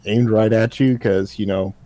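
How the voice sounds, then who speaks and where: A man's voice: fairly low pitch, steady tone, moderate pace, warm tone, no echo. A man narrating a tabletop game as game master, in a laid-back, jokey way.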